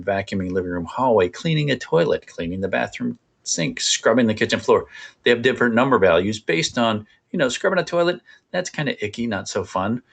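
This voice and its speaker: A man presenting a parenting workshop in a conversational, animated coaching way. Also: sits low.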